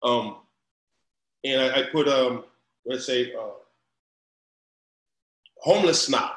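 A man's voice: medium pitch, slow pace, a bit bright. A middle-aged man from Louisiana with a Southern accent, telling stories in a casual interview, full of restarts and acted-out quotes. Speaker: guest, recruiting company founder. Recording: roomy echo.

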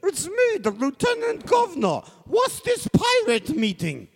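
Man doing a shrill, fussy official, very high, indignant, drawn-out. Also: wildly swooping pitch, creaky, big-room sound, exaggerated voice. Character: fussy male lieutenant governor.

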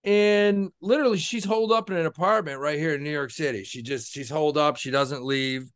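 A man co-hosting a casual podcast, loud and excitable, swearing often as he tells stories. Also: fairly high pitch, brisk, clean tone. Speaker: podcast co-host. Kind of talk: casual crude banter.

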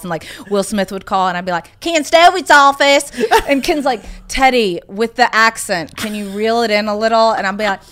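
Woman guest from South Carolina, talkative storyteller, slightly low voice, casual interview. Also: fairly bright tone. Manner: chatty storyteller, fillers of "like". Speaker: podcast guest.

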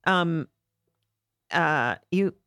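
Middle-aged woman comic, low voice, lively anecdotes with acted-out quotes, dry close sound. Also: extremely slow, clean tone, dry recording. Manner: animated storyteller acting out quoted voices. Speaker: comedian guest. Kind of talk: podcast storytelling chat.

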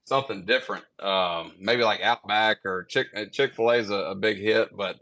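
A man's voice: on the low side, moderate pace, pushed and bright. A young man chatting casually on a podcast, telling long stories full of fillers and restarts. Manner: rambling storyteller with many fillers. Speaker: guest pitcher.

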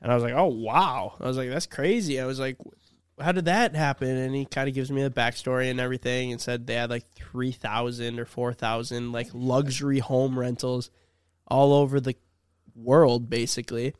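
A young man on a casual podcast, spinning a story with lively back-and-forth voices. His voice is smooth and resonant and sits at a middling pitch. The recording is dry and close. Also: normal speed, dry recording. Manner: animated storyteller, acts out both sides of a conversation. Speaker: podcast host.

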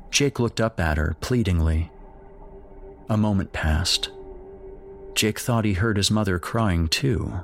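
A man with a very deep voice narrates a horror tale, taking his time. His delivery is expressive, rising and falling widely as the scene darkens. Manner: slow, dramatic storytelling.

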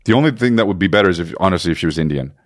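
A man with a lowish voice co-hosting a comedy podcast. He rambles and jokes in loose, casual chat, often stumbling over his words and starting over. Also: animated, very fast, dry recording, studio quality. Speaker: podcast co-host.

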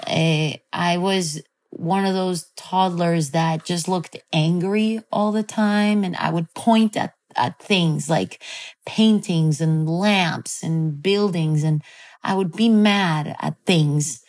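At a slow pace, a guest with a slightly low-pitched voice recounts something from her own life. The telling is casual and animated but loose, peppered with fillers and restarts.

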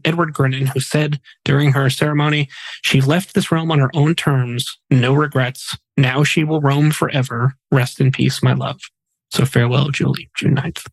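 A man's voice: medium pitch, no echo, low-quality recording. Chatty male podcast host, dry sound. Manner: chatty, jokey asides between solemn facts. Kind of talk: casual podcast narration of memorial segments.

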